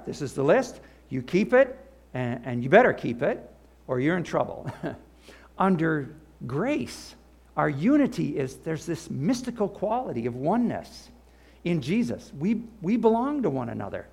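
An older man preaching a sermon, animated, with asides and the odd laugh, and a gravelly voice. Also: fairly high pitch. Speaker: pastor.

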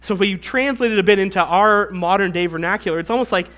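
A man's voice: high voice, fast, few pauses, a bit bright. A man pastor giving a conversational, teaching-style sermon.

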